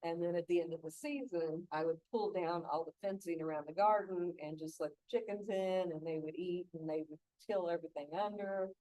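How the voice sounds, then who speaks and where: A woman's voice: fairly low pitch, brisk, hardly any pauses, mellow, dry recording. A middle-aged woman giving a casual gardening talk, chatty and laughing often between stories. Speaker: gardening instructor.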